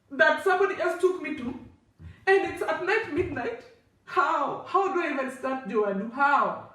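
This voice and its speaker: Animated woman in echoey room. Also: high-pitched, normal speed, distant mic. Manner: animated, laughing, code-switching. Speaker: vlogger. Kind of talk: casual storytelling to camera.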